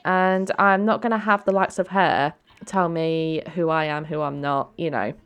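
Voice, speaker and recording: A woman voicing a confident, unbothered young woman in a life-sim game, in a low, smooth voice. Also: steady tone, moderate pace, a bit bright. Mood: defiant.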